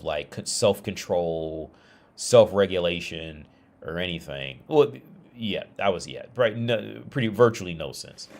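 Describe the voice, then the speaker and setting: A man talking on a casual livestream, rambling with many restarts and fillers. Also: low-pitched. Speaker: streamer.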